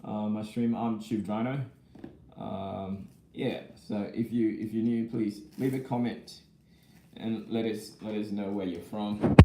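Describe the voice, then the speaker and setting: Casual young male vlogger, rambling and chatty, mellow tone, roomy echo. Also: lowish voice, steady tone, a little slow, a little hiss or hum. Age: young adult. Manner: chatty, rambling, reads and answers viewer comments; laughs often between remarks. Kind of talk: casual live-chat unboxing.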